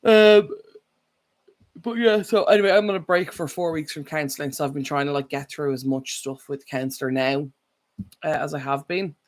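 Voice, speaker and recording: A woman's voice: deep voice, normal speed. A woman chatting casually on a live stream, rambling and correcting herself as she goes. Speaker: vlogger.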